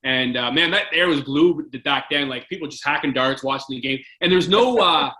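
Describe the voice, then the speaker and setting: This Canadian man in his forties, once a hockey player, swaps casual stories as a podcast guest in a slightly high, sharp voice at normal speed. The audio is poor, and his telling wanders with plenty of fillers and restarts.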